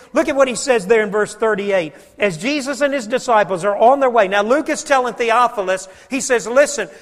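High-voiced preacher in a reverberant hall. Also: male voice, a bit bright. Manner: folksy storytelling preacher, varies volume for emphasis. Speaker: pastor. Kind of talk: sermon.

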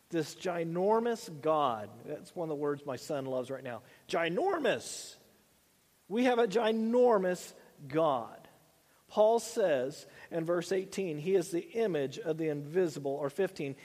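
A man's voice: a little high, animated, normal speed, a little mellow, big-room sound. A middle-aged man preaching a sermon in a loose, conversational way, often repeating words and using fillers. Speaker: pastor.

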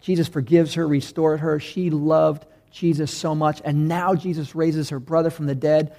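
A man preaching a sermon, reading scripture and retelling it with animated bursts of loud emphasis. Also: a little high, moderate pace. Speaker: pastor.

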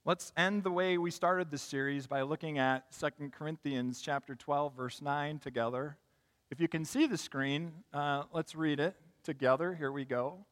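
A man preaching a sermon in a large hall, telling stories with emphatic swells and quiet drops. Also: on the high side, steady tone, moderate pace. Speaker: pastor. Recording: long hall reverb.

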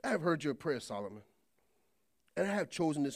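A man preaching a sermon, swinging from quiet asides to shouted points. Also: a little high, sing-song, brisk, gravelly, long pauses, no echo.

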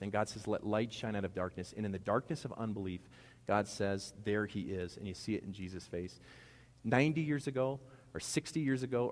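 A man preaching a sermon in a conversational, animated way, with casual asides to the congregation. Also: lowish voice. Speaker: pastor. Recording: long hall reverb.

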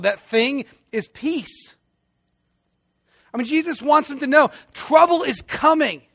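A man's voice: high voice, no room sound, clean studio sound. A pastor preaching a sermon in an earnest, emphatic way, repeating phrases and restarting his sentences.

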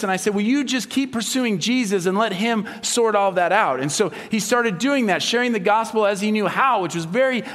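A man preaching a sermon as a pastor, telling stories with animated delivery and acting out the voices of the people he quotes. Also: high-pitched, brisk, few pauses. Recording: long hall reverb.

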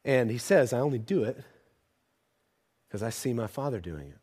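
A slightly rough, medium-pitched male voice, animated and at normal speed, carries this sermon to a congregation. The preacher swings from quiet, close asides to loud, emphatic passages and poses frequent rhetorical questions.

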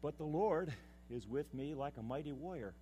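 Impassioned male pastor, very lively pitch. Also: moderate pace, lo-fi sound, a little hiss or hum. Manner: impassioned, swings from loud declaiming to hushed confiding. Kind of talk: sermon.

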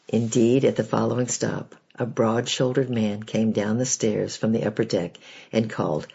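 A man reading devotional stories and scripture in a measured, earnest, preacherly way. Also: medium pitch, creaky, darkish tone, slightly rough. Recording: dull lo-fi recording.

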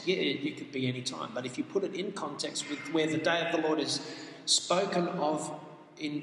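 A man's voice: mid-range voice, fairly bright tone. A man preaching a sermon, earnest and emphatic, reading scripture aloud and explaining it. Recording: echoey hall with faint noise.

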